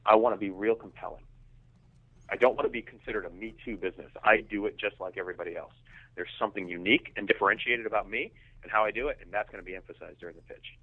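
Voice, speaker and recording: Over a tinny phone line, a man with a lowish, fast, slightly rough voice is a guest in a conversational business interview. He speaks emphatically and often repeats words as he begins sentences.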